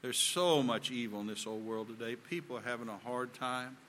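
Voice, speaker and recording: A man's voice: mid-range voice, normal speed, fairly bright tone, slight background noise. A man with a Southern US accent preaching a sermon in an earnest, folksy way that builds in emphasis.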